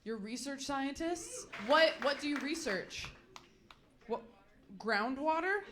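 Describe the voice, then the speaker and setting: A woman in her thirties doing stand-up crowd work, teasing audience members with sarcastic rapid-fire questions. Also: sits high, very animated, background noise. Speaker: stand-up comedian. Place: live comedy stage with a laughing crowd. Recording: echoey venue, loud crowd laughter.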